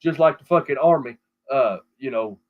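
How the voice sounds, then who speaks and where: A man's voice: medium pitch, moderate pace. A middle-aged man from South Texas with a Texan accent, telling a rambling, profane story full of restarts in casual podcast talk. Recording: dull lo-fi audio.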